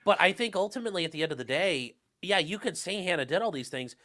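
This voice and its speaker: A man chats on a legal panel in a bright, forceful voice that swings widely in pitch. He talks in an animated, joking way and often restarts his sentences. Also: fast talker. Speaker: lawyer panelist. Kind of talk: casual panel discussion.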